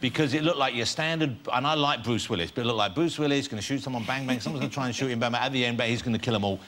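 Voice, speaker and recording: Quick-talking male chat show host. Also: medium pitch, fairly bright tone. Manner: jokey, quick and enthusiastic. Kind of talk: late-night chat show banter. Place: television studio with audience. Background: studio audience.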